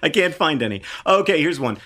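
A middle-aged man with a slightly high voice co-hosts a casual podcast. He is earnest and reflective, and he explains his views at length. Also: lively intonation, brisk, a bit bright. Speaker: podcast co-host.

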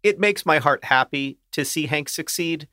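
A man's voice: a little high, moderate pace, sharp tone, dry recording. A man with a slight American Southern accent, co-hosting a casual comedic podcast in a wry, self-mocking way. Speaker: podcast co-host.

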